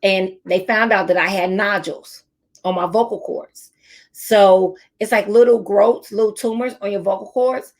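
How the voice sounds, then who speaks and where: A woman's voice: mid-range voice, steady tone, normal speed, a little mellow. A middle-aged woman teacher and speaker giving a motivational talk to teachers, telling stories and repeating her key phrases.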